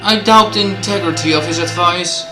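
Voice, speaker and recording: A man's voice: high voice, normal speed, close to an everyday voice. A man voicing a haughty, elitist young male pigeon in a game, speaking with pompous disdain. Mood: disdainful. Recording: roomy, game music behind.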